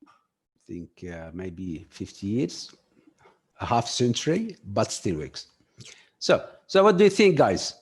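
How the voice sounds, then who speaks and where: A man delivers a workshop lecture at an unhurried, measured pace. His speech is halting and full of fillers, and he often turns to the group with questions. His pitch sits in a mid, ordinary range. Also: mellow. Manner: halting, filler-heavy, addresses audience directly. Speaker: communication skills trainer.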